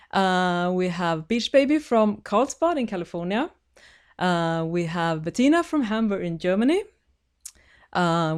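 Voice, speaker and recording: A woman's voice: fairly high pitch, darkish tone. A woman with a Swedish accent hosting a sewing live stream, chatting and greeting viewers by name. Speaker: sewing channel host. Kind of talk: casual live-stream chat. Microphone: webcam live stream.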